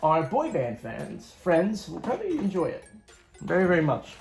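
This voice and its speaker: A man's voice: a little high, wildly swooping pitch, moderate pace, creaky, darkish tone, faint music behind. A man hosting his own channel, walking viewers through a homemade game board in a chatty, upbeat way, with rambling asides. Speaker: YouTube host. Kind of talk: casual show-and-tell walkthrough.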